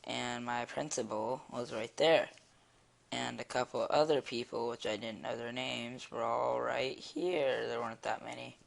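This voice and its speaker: A teenage boy telling a story in a casual vlog, rambling and excitable, with many fillers. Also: mid-range voice, measured pace, gravelly. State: eating while talking. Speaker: vlogger. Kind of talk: casual storytelling while drawing.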